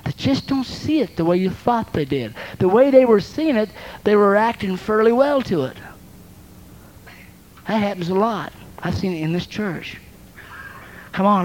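A woman's voice: medium pitch, lively intonation, a little mellow, poor audio. Woman preacher exhorting a congregation. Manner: exhorting, with repeated words and quick restarts. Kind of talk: sermon.

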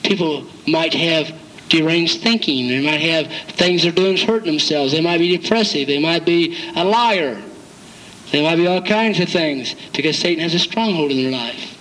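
A man's voice: on the high side, normal speed, fairly bright tone, low-quality recording. An older man, a pastor, preaching a folksy sermon, cracking jokes and acting out quotes from his flock. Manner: folksy, jokey preaching with acted-out quotes and chuckles.

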